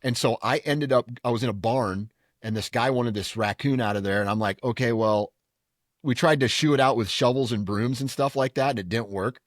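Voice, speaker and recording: A man co-hosting a podcast in casual chat, joking and giving quick replies. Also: medium pitch, no echo, clean studio sound. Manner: quick back-channel replies, jokey. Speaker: podcast co-host.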